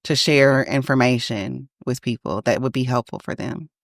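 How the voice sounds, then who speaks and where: A woman co-hosting a podcast in casual chat, emphatic and quick to laugh. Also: rumbling low, vocal fry, no room sound, clean studio sound. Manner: chatty, laughs often, emphatic. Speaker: podcast co-host.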